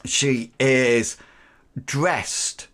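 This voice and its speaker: A man running an online tabletop game as game master, narrating in a halting way with many pauses. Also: medium pitch, fairly bright tone. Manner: halting, with frequent pauses and fillers.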